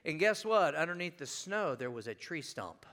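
Lively, bright-voiced preacher man. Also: fairly high pitch, normal speed. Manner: animated storytelling, jokes, questions to the congregation. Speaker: pastor. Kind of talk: sermon. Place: church sanctuary.

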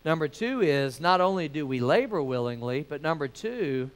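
A middle-aged pastor preaching a sermon in a folksy, storytelling way. His voice sits high for a man and rings clear and smooth. He pushes key words loudly, then drops to quiet asides. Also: expressive, normal speed, few pauses, low-quality recording.

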